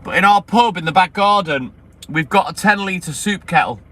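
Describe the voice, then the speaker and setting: A man's voice: high-pitched, lively intonation, normal speed, sharp tone. A chatty, friendly man on his milk round, rambling casually to live viewers. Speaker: milkman streamer. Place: outdoors by a vehicle on a milk round. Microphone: phone. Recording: noisy outdoor phone stream. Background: street and vehicle noise.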